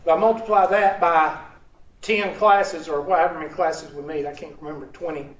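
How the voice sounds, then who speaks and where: A man's voice: fairly high pitch, steady tone, moderate pace. A man teaching a math class, joking with students and asking them to finish his sentences. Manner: joking, asks the class to fill in words. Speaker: math instructor. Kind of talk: classroom lecture. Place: large classroom. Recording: echoey, dull, distant classroom recording.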